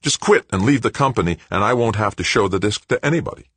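A petulant, sullen grown son, put on by a male audiobook narrator, whining in a voice pitched far above the narrator's own. The tone is husky, and it rises sharply as he protests. It is close-miked in a dry space. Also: big pitch swings, a little fast, pushed and bright, no room sound, exaggerated voice. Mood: insistent. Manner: whiny, voice climbing high in protest. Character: young adult man, sullen, petulant son.

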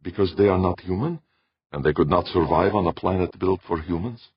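A calm, direct woman, voiced by a man, level and plain, with a husky, low edge. The recording is dull and dry. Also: a little fast, full character voice.

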